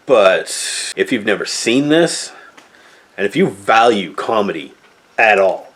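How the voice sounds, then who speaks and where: A man's voice: fairly low pitch, big pitch swings, measured pace, fairly bright tone. Blunt, cussing man ranting a review. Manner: blunt, exasperated, swears freely. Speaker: movie reviewer. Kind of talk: casual review monologue.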